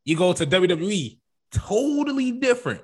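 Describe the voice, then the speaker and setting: A man co-hosting a casual wrestling podcast, rambling and animated, acting out quotes in jokey voices. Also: high-pitched, normal speed, breathy edge. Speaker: podcast co-host.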